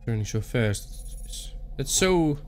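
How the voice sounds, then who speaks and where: A man's voice: medium pitch, expressive, takes it slowly, a little hiss or hum. A young man with a Dutch accent giving playful, muttered commentary on a horror game playthrough, talking to himself and joking. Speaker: gaming YouTuber.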